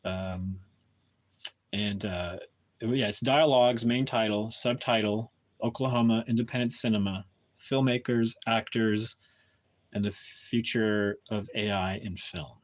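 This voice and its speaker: A man's voice: lowish voice, steady tone, unhurried. A man chatting casually with viewers on a live stream at home, talking hesitantly with many restarts and fillers.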